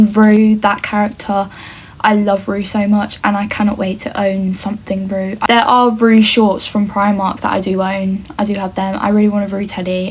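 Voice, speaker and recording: In a relaxed vlog introducing herself, a young adult woman from England chats earnestly to the camera in a mid-range, darkish voice. Slight background noise is present, and she often drops in "like" and "obviously."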